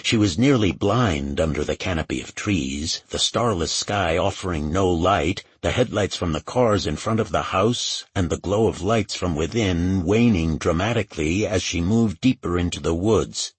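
A man reading a crime novel aloud as its narrator, in a steady, measured way. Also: low voice, slightly rough, dry recording. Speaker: audiobook narrator. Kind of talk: scripted narration.

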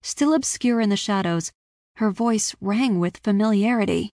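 Woman giving an expressive story reading. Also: medium pitch, unhurried, no room sound, clean studio sound. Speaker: audiobook narrator. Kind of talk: scripted first-person story narration.

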